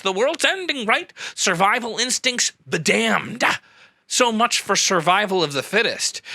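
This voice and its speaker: A man hosting a satirical news show, delivering a sarcastic, mock-outraged monologue with sudden jumps up in pitch. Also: pushed and bright, dry recording. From US Midwest.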